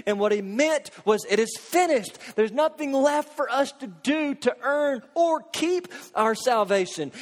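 A man preaching a sermon, earnest, posing rhetorical questions and dropping into hushed intensity. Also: extremely high pitch. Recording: long hall reverb.

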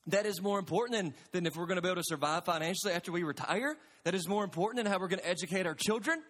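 Male pastor, high voice, earnest emphatic sermon, long church reverb. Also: fairly bright tone. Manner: earnest, emphatic preaching with rhetorical questions. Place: church sanctuary.

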